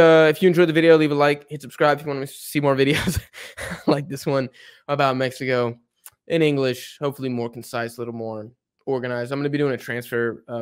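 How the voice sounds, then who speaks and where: Guy ranting about soccer on his channel, fired up and rambly, medium-pitched voice. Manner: animated, opinionated, rambling. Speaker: football video host. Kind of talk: casual football rant to camera.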